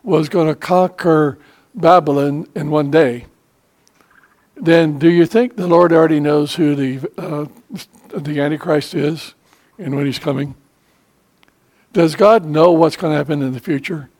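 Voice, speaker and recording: An older man preaching a sermon as pastor, conversational and emphatic, with frequent pauses to gather his words. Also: fairly high pitch, fairly even intonation, darkish tone. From United States.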